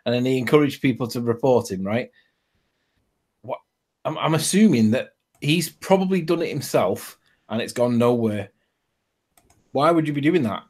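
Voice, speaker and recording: A man's voice: medium pitch, animated, a little mellow. Chatty Scouse man on a video call. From Liverpool, England. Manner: chatty, mocking, quick to laugh. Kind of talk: casual online video call chat.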